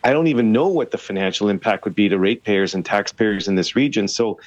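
A man who sits on a city council speaks as a guest on a radio show. He argues forcefully and repeats words for stress. The sound is dry and a bit dull, as if it comes over a remote line. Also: on the low side, fast, no room sound. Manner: emphatic, argumentative, repeats for stress. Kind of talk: radio interview by phone.

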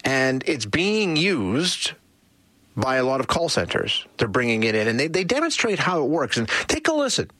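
A man's voice: medium pitch, big pitch swings, moderate pace, fairly bright tone, no room sound. A man hosting a talk radio show, chatting casually with frequent restarts and fillers.

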